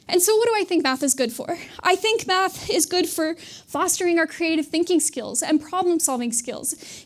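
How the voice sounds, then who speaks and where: A young woman gives a TED-style talk in a high, clear-pitched voice. She speaks in an earnest, reflective way. She sounds like a graduate student presenting her ideas to an audience.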